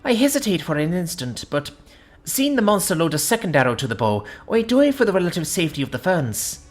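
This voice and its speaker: Low, expressive woman narrating a story. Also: fast, soft background music. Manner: expressive storytelling with dramatic shifts. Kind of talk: scripted first-person audiobook narration.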